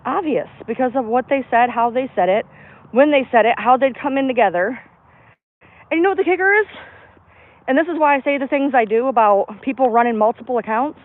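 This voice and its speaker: She speaks a little fast in a high voice, venting on a livestream in a park and cursing freely with blunt emphasis. The sound is tinny and dry, without any echo.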